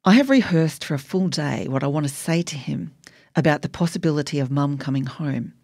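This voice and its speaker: A woman's voice: sits low, fairly quick, a little mellow, no room sound, studio quality. A woman narrating her memoir in a wry, emotionally charged audiobook reading.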